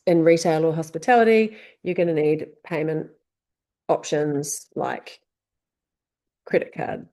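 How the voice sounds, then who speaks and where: A woman's voice: lowish voice, creaky, warm tone. A woman with a New Zealand accent presenting a business tips lesson, talking through questions in a conversational way. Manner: conversational, asks many rhetorical questions.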